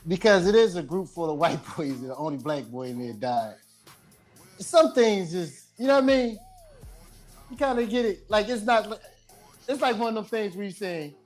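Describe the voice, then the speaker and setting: Male panelist, blunt and animated, crude humor, light music bed. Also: sits high. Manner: animated storyteller, coarse joking asides. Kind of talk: casual debate chat.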